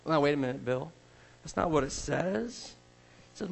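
A man's voice: a little high, moderate pace, gravelly, long reverb tail, a little hiss or hum, low-quality recording. A man preaching a sermon as a pastor, acting out scripture scenes with a volunteer. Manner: animated, acts out scripture scenes.

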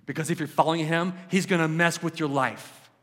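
A man preaching a sermon with passion, swinging between loud exclamations and hushed questions. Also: on the high side, steady tone, fairly quick, big-room sound. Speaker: pastor.

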